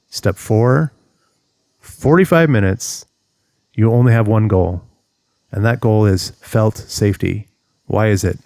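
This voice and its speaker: Man, relationship coach, gravelly, mellow low voice, dry close sound, earnest step-by-step advice. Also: slow pace, long pauses, no echo. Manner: earnest, steps through advice, acts out inner monologue. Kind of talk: direct-to-camera advice talk.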